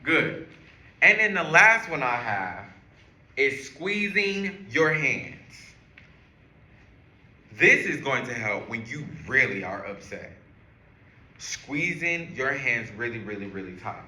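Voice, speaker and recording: A man teaching a group, walking them through breathing and counting in a slow, guiding way. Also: mid-range voice, very animated, pushed and bright. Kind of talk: classroom lesson on calming strategies. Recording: echoey room.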